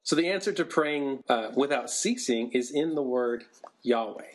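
A man's voice: mid-range voice, animated, normal speed. A man co-hosting a podcast who explains ideas in a casual chat and keeps checking in with "right?". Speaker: podcast co-host.

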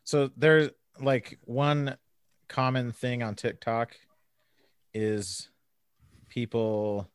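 A man's voice: medium pitch, flat delivery, drawn-out words, pauses often, clean tone, dry recording, clean studio sound. A middle-aged man co-hosting a podcast, chatting casually and joking, laughing often. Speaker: podcast co-host. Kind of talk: casual chat.

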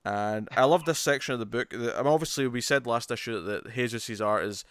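A man's voice: medium pitch, a little fast, a bit bright, smooth, dry recording, clean studio sound. A man co-hosting a casual comic book review podcast, talking with enthusiasm and acting out characters' lines as he retells scenes. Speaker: podcast co-host.

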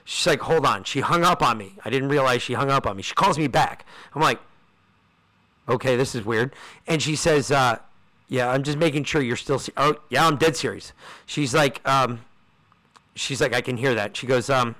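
Male podcast co-host, bright and punchy tone, profane storyteller doing everyone's lines. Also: mid-range voice, moderate pace. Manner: profane, fired-up storyteller acting out quoted people. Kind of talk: casual storytelling chat.

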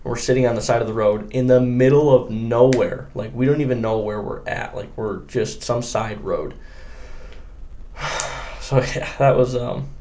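With slight background noise behind him, a young adult guest angler from Michigan chats casually on a podcast. His mid-range voice moves at normal speed as he tells a lively story and performs other people's quotes.

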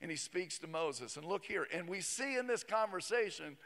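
High-voiced pastor preaching in a hall. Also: male voice, expressive, normal speed, creaky, fairly bright tone. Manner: conversational, joking asides. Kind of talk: sermon. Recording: long reverb of a large hall.

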